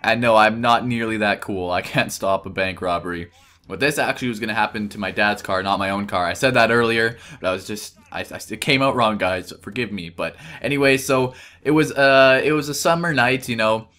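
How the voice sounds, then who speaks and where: Chatty young man with a bright voice. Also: fairly low pitch, brisk. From Canada. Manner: rambling, chatty, self-correcting. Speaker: gameplay commentator. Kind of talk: casual storytelling over gameplay.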